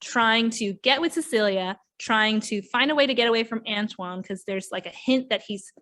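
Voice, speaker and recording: A young adult woman hosting a book review podcast, telling the story in casual chat with lively acted quotes. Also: a little high, normal speed. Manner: animated retelling with acted quotes and laughs.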